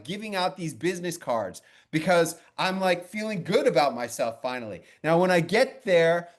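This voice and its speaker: Male media coach, fairly high voice, blunt and animated, swears casually while telling stories. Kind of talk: coaching session with storytelling.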